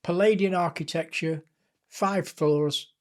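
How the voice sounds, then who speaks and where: A man's voice: a little high, takes it slowly. Older Lancashire man telling anecdotes. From England. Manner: lively, chatty anecdotes with self-deprecating humour. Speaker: guest author. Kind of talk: anecdotal storytelling in a podcast interview.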